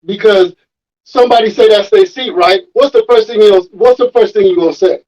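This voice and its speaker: Guy telling a wild story, swears a lot, fairly high voice, muffled lo-fi sound. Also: a little fast. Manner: animated, profane, acts out quoted voices. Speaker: rapper guest. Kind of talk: casual storytelling chat.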